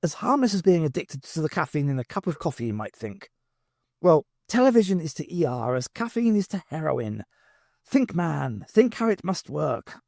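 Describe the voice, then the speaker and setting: A man's voice: fairly high pitch, big pitch swings, moderate pace, gravelly, a little mellow, dry recording, studio quality, pitched above the performer's own voice. A man doing an impatient, lecturing time traveller. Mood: urgent lecturing. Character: impatient, grave, ancient male time traveller.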